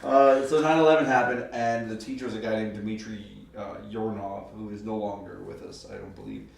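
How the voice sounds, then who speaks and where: A low-pitched man in his thirties rambles through stories with frequent laughter. He sits back from the mic in a very echoey room with faint noise behind him. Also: lively intonation, brisk, creaky, recorded from a distance. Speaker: co-host. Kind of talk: casual chat. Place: room, on a couch.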